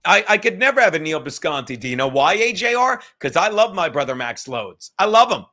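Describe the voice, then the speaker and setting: A man hosting a live stream, rambling loudly and profanely from topic to topic in casual chat. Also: high-pitched, sing-song, brisk. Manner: loud, rambling, profane, jumps between topics.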